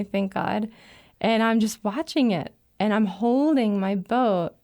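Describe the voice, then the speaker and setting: A woman writer telling a personal adventure story in a casual, animated way, laughing often and filling with "like". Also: medium pitch, a little slow. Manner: lively, breathless retelling with laughs and "like" fillers.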